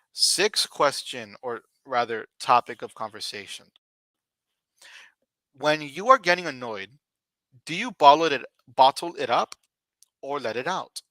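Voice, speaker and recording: Slow, bright-voiced male English teacher. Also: medium pitch, no echo. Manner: slow, deliberate, repeats questions and model answers. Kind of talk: ESL conversation lesson.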